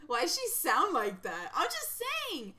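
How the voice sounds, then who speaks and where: A woman streamer chatting casually while reacting to videos, giggly and excitable, rambling from thought to thought. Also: high-pitched, measured pace.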